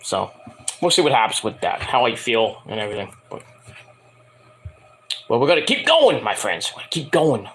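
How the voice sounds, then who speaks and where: A man's voice: on the low side, very animated, normal speed, long pauses, a bit bright. A man giving a casual review vlog, rambling and swearing, mocking people as he goes. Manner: rambling, profane, mocking rants. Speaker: wrestling show reviewer.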